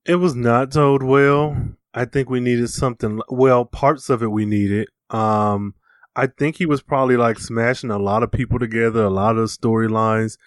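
A man co-hosting a podcast, chatting in a relaxed way about a movie. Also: mid-range voice, normal speed, no room sound, studio quality. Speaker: podcast co-host. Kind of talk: casual movie discussion.

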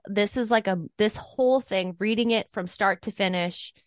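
A woman's voice: medium pitch, normal speed, no echo, studio quality. A woman co-hosting a casual podcast chat, rambling and stuttering as she talks. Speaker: podcast co-host.

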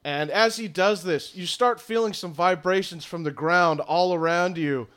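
A man's voice: high voice, a bit bright, clear, resonant tone. Man narrating as game master. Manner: descriptive, unhurried narration with fillers.

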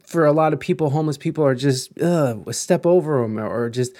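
A man in his thirties speaking in a relaxed, rambling way, circling back and restarting his thoughts. He swears often, and his voice sits a little high for a man. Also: fairly quick. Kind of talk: casual chat.

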